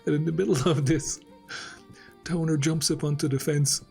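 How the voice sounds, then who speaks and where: A man's voice: on the high side, steady tone, normal speed, creaky, warm tone, breathy edge. An Irish man hosts a gaming channel and tells a loose, rambling story, often breaking into laughter. Faint music plays beneath his voice. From Ireland. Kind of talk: casual storytelling over gameplay.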